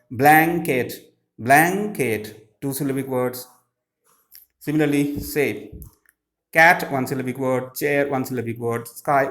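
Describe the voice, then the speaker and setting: Slow halting teacher, man. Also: on the high side, darkish tone. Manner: slow, halting, many "uh" fillers. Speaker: English teacher. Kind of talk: explaining textbook answers.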